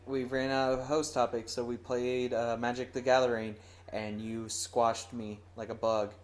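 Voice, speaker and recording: A young adult man hosting a podcast in casual chat, rambling and self-mocking, with lively bursts of energy. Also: medium pitch. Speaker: podcast host.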